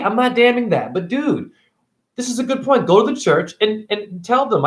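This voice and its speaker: A man speaks to camera in a voice that sits a little high for his sex. He rambles from point to point, preaching and swearing freely as he goes. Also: sing-song, normal speed. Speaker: spiritual video blogger.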